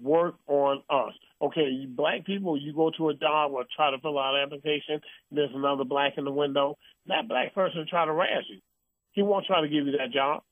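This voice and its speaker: A man's voice: a little high, steady tone, fairly quick, no room sound. A man hosting an uncensored call-in talk show, ranting bluntly and heatedly. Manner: blunt, heated ranting with mocking put-on quotes. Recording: phone-line sound.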